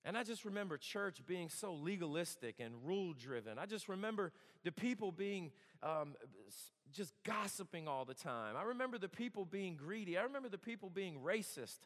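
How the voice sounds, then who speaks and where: A man's voice: sits high, expressive, moderate pace, few pauses, fairly bright tone. A man in his thirties giving a storytelling sermon, conversational and earnest with touches of humor. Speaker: campus worship speaker. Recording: long hall reverb.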